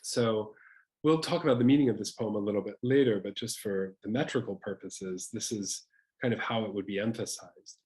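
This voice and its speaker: A man's voice: on the low side, fairly quick, darkish tone, poor audio. A man giving an academic lecture, explaining patiently with small restarts and fillers.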